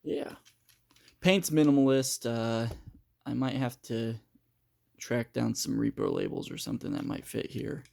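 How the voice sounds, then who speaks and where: Gravelly-voiced man reviewing a toy. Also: mid-range voice, fairly even intonation, a little slow, darkish tone. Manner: hesitant, many fillers and restarts while handling the toy. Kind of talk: casual unscripted review.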